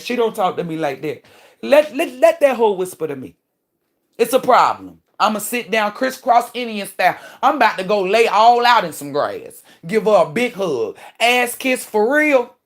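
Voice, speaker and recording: A woman hosting a livestream in a casual rant. Her voice sits at a middle pitch for a woman. She talks emphatically and preachily, full of swearing. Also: very animated, moderate pace. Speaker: livestream host and spiritual commentator.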